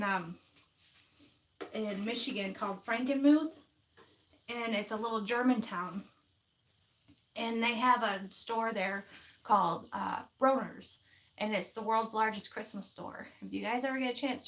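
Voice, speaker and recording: A woman's voice: medium pitch, a bit bright. Folksy woman, craft vlogger, easygoing live-stream chatter with frequent laughs. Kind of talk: casual live-stream chat, reading viewer comments.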